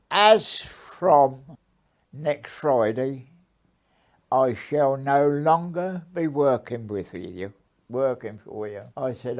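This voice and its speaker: A man's voice: medium pitch, a little mellow. An older man, recounting his past in an oral history interview and acting out old conversations. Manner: unhurried, repeats himself, acts out old conversations.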